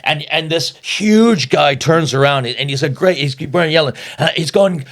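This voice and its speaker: A middle-aged comedian telling a story in a shouty, excitable way, tripping over his words. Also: on the high side, moderate pace. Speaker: guest comedian. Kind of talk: animated storytelling.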